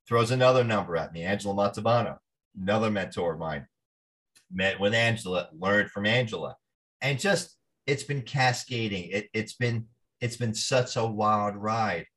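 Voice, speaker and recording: Animated New man telling stories. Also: lowish voice, normal speed. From New Jersey. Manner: animated storyteller, acts out quoted voices. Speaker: actor guest. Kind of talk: storytelling interview.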